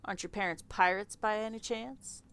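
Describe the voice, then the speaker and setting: A woman's voice: medium pitch, normal speed, fairly bright tone, clean tone, voice pushed up, lightly acted. A woman voicing a nervous, awkward young male demon with hooves, speaking with a Southern accent and stammering. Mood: flustered. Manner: stammering, flustered.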